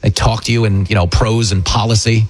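A man's voice: on the low side, steady tone, brisk, husky. A middle-aged man hosting a talk radio show, giving mocking political commentary full of jokes and mimicked voices. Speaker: radio talk host and comedian.

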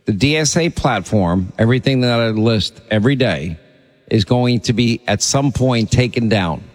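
A man hosting a talk radio show, greeting callers and moving them along in a brisk, chatty way. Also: mid-range voice, animated, big-room sound. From Long Island, New York.

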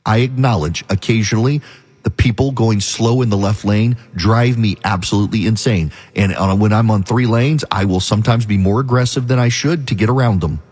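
Male radio talk host, husky, quick, emphatic monologue, mid-pitched. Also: a little mellow. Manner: emphatic, repetitive, conversational ranting. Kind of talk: opinionated monologue.

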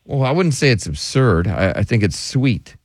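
A male radio host talks with callers from the studio, playful and teasing. His pitch swings up and down with lively energy. The sound is close and dry. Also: moderate pace, no echo. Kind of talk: call-in radio talk.

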